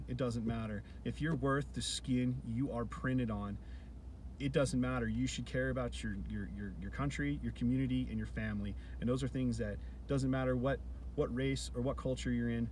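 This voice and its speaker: A man's voice: mid-range voice, a little mellow, a little hiss or hum. A man in his forties talking in a casual, earnest monologue, blunt, sometimes swearing and repeating words. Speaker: vlog host.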